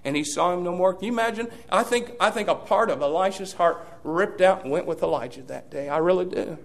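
A middle-aged man preaching a sermon as pastor, folksy, swinging from loud peaks to hushed asides. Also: high voice, brisk, vocal fry.

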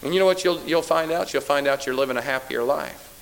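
A man's voice: a little high, fast, gravelly, poor audio. Emphatic, sarcastic preacher man. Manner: emphatic, teasing sarcasm, repeats phrases for effect. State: tired. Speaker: pastor. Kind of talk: sermon.

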